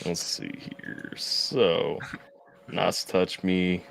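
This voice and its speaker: A man's voice: low voice, extremely slow, vocal fry. A young adult man hosting a casual livestream interview, joking and poking fun at himself. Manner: animated, joking, self-deprecating. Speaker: host.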